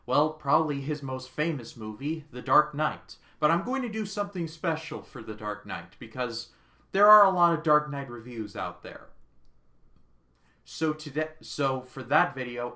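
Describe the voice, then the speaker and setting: A man hosting his own movie review channel, talking casually and with enthusiasm, full of jokes and quick asides. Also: medium pitch, pushed and bright.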